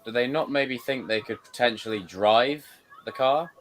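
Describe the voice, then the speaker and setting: A man's voice: medium pitch, normal speed, background noise. A young man casually commenting on a horror film with friends, joking and swearing. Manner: crude, joking, riffing on the film. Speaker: watch-party host.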